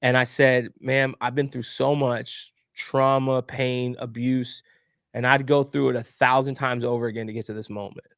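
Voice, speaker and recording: A man appears as a podcast guest in an emotional storytelling interview, candidly sharing a personal story and animatedly acting out the other people's voices. His mid-range voice moves at a moderate pace, recorded in studio quality with no room sound.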